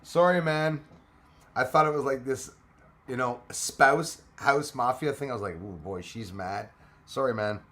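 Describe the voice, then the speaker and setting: A man's voice: mid-range voice, normal speed, a bit bright. Chatty man hosting a live chat. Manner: chatty, greets commenters by name, laughs often. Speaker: livestream host. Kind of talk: casual live chat with viewers.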